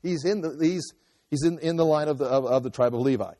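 A male pastor teaches through a passage in a loose, conversational sermon, full of restarts and asides. His voice sits a little high but sounds mellow and dark. The sound rings with long reverb through a large hall. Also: brisk. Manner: conversational, restarts and asides while explaining scripture. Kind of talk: expository sermon.

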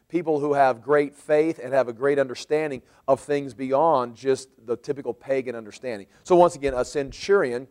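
A man's voice: medium pitch, a little mellow. A man preaching a sermon in a church, explaining scripture verse by verse and rephrasing points as he goes. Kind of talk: sermon, verse-by-verse Bible teaching.

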